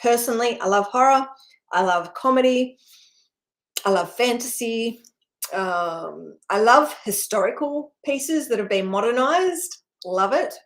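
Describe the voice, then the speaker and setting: A woman's voice: on the high side, expressive, measured pace. A middle-aged woman hosting a spiritual channel, talking casually and rambling, with many fillers and frequent laughs.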